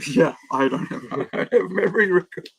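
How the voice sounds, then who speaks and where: A man's voice: sits high, animated, a little fast, vocal fry, fairly bright tone, breathy edge. A man, hosting a live stream and chatting casually in a rambling way with lots of fillers. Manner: rambling, with many fillers and restarts. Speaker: stream host.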